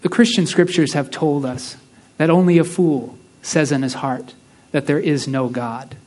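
A man preaching a sermon, reading a story aloud with slow, hushed emphasis on key lines. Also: fairly high pitch, steady tone.

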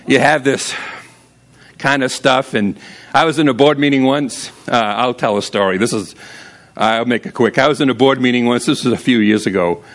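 Animated, casual male pastor preaching. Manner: casual, humorous storytelling with sudden high-pitched emphasis. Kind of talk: sermon.

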